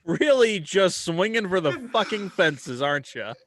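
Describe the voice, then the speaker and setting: A man's voice: high voice, animated, unhurried, fairly bright tone, no room sound. A man hosting a podcast in casual chat, with wry, teasing banter toward his co-hosts. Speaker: podcast host.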